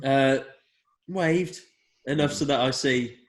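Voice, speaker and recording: A man's voice: medium pitch, slow. A man hosting a podcast, joking and laughing through casual banter with friends. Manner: jokey, laughs often. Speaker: podcast host. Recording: roomy echo with background noise.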